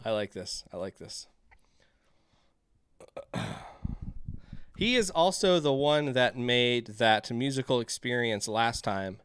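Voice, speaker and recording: A man's voice: medium pitch, a bit bright, clear, resonant tone, no echo, clean studio sound. A man streaming a game live, reading the on-screen text aloud and joking with his chat in a chatty, casual way.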